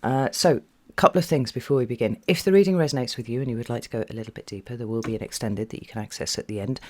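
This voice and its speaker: A man giving a casual tarot reading, talking in a chatty, meandering way with many fillers and at times dropping to a soft half-whisper. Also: mid-range voice, rapid-fire. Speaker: tarot reader.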